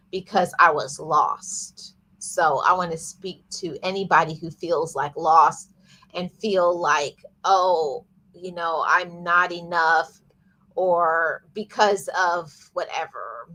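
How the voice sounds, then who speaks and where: Slow, bright-voiced woman livestream host. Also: on the low side. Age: adult, lost her father at eighteen years ago. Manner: earnest, repeats words and restarts, speaks of herself openly. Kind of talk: reflective personal talk on a livestream.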